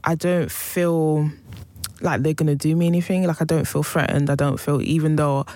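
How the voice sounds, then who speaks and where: A woman's voice: low voice, fairly even intonation, normal speed, warm tone, no room sound. Young woman, chatty, trails off a lot, dead dry close mic. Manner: chatty, laughs often, trails off mid-sentence. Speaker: podcast co-host. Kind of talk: casual chat.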